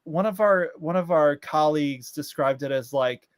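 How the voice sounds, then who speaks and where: Chatty, higher-voiced male co-host. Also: normal speed, dry recording. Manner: rambling, heavy on fillers like "like" and "uh"; ranting, exasperated. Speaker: podcast co-host. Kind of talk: casual chat.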